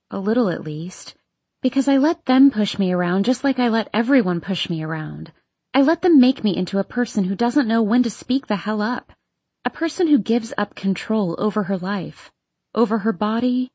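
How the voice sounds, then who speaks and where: Husky woman narrating a teen novel. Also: medium pitch, darkish tone, no echo, muffled recording. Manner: emotional, intense, voicing an upset teenage girl. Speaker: audiobook narrator.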